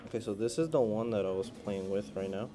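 A man vlogging in an indoor animal cafe, talking into a handheld phone and coaxing the animals in an excited, playful voice. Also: fairly low pitch, fairly quick, music in the background. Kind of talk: casual vlog talk. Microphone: handheld phone camera.

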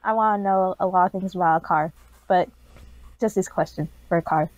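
A woman's voice: on the low side, brisk, no echo, dull audio. Playful, teasing woman podcast host. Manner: playful, teasing, laughs often. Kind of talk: casual chat.

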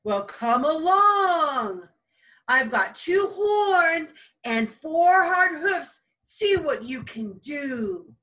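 A woman's voice: high-pitched, very animated, drawn-out words, pushed and bright, recorded from a distance, full character voice. A woman voicing the big billy goat, defiantly daring the troll in a storybook reading.

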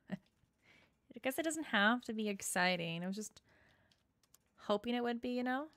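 A woman's voice: fairly high pitch, lively intonation, measured pace, no echo. A young woman giving casual gameplay commentary, bubbly and gushing, with lots of filler words. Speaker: gaming YouTuber. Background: soft game music.

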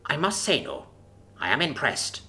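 A man's voice: a little high, wildly swooping pitch, vocal fry, sharp tone, full character voice. A man voicing a cool, menacing dragon queen. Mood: cool menace. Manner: measured, silky and threatening. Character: imperious female dragon ruler, cool and menacing. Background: faint background music.

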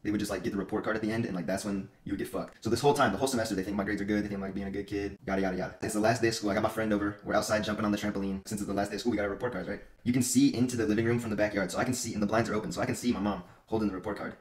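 A man's voice: lowish voice, steady tone, racing, few pauses. A young man telling crude comedic stories in a rambling, profane way, often repeating himself as a streamer. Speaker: streamer and content creator. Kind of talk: casual comedic storytelling monologue.

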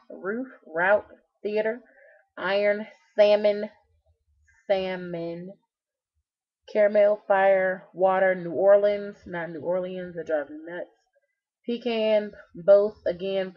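A young woman from Virginia with a Southern American accent, casually vlogging and answering questions with sassy, joking asides. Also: mid-range voice. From Roanoke, Virginia. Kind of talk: casual self-recorded vlog. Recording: slightly muffled lo-fi webcam audio.

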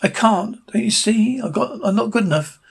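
A man voicing an eager young male sea sponge who wants to be a fry cook, with a husky, excitable voice. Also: high voice, exaggerated voice. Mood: anxious. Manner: excitable, rapid, overeager.

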